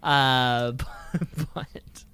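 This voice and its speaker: A man's voice: medium pitch, fairly even intonation, very slow, bright, forceful tone, smooth, no echo. A young man co-hosting a comedy podcast, crude and joking, rambling with restarts. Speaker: podcast co-host. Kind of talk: casual comedic chat.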